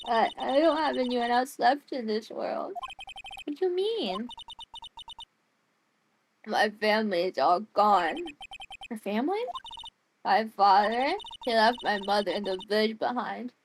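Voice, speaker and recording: A woman reading as a timid, quiet little girl. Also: on the high side, unhurried, pauses often, a little hiss or hum, poor audio. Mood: sad. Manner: soft, hesitant, quiet.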